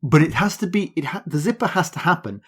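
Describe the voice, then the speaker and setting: A man co-hosting a podcast, trading wry, teasing remarks in casual chat. His voice sits a little high and rises and falls a lot. He sounds dry and amused. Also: animated, fast, a bit bright, slightly rough. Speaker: podcast co-host.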